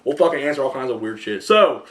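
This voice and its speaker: Animated, rambling young man host. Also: medium pitch, quick pace. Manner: rambling, profane, animated storytelling. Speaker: podcast host. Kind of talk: casual chat.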